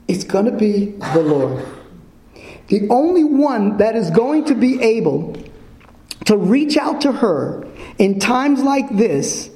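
A man preaching a sermon to a congregation in a church, repeating his points slowly and quizzing the listeners with fill-in questions. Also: high voice, mellow. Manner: slow, emphatic repetition. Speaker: pastor. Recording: echoey church room.

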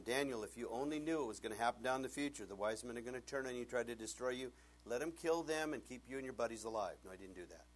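A man preaching a sermon as pastor, telling stories and swinging from hushed tones up to near shouting. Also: medium pitch, fast.

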